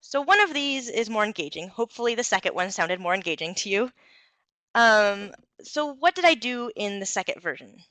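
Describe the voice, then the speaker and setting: A young woman gives an instructional talk, clear and encouraging, with the occasional "um". Her voice is bright and crisp, recorded dry and close. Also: mid-range voice, expressive, normal speed, no room sound. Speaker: presenter giving a talk on communication skills.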